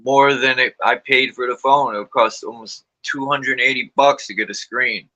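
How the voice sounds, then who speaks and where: A man's voice: medium pitch, steady tone, moderate pace, bright, forceful tone. A man hosting a casual livestream, telling stories and acting out quotes from people with sudden jumps in his voice. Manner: storytelling, acts out quotes with big voice jumps, swears. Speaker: livestream host. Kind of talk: casual chat. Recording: muffled livestream audio.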